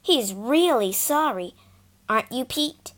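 A woman voicing an earnest, caring young girl who pleads in a raised, high voice. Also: lively intonation, takes it slowly, fairly bright tone. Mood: pleading.

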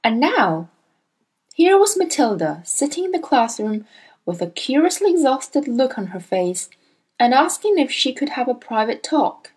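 A woman reading a children's storybook aloud in a measured, expressive way. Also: high voice, breathy edge, poor audio. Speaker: narrator.

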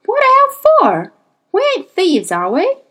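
A woman's voice: extremely high pitch, wildly swooping pitch, slow pace, a bit bright, voice pushed up, exaggerated voice. Woman playing a brusque frontier gunman. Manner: brusque, rough-spoken. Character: gruff rough-spoken male frontier gunman. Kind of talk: audiobook character reading.

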